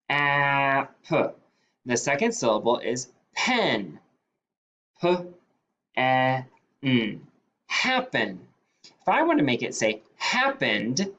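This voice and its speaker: A male teacher leading a phonics dictation lesson, sounding out words slowly and deliberately. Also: medium pitch, fairly bright tone, muffled recording.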